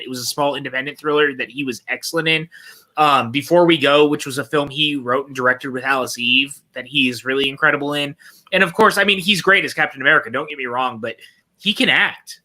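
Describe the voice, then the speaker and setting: A man's voice: on the high side, fast, sharp tone. A man hosting a casual movie watch-along chat, enthusiastic and teasing, with occasional swearing. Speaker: podcast host.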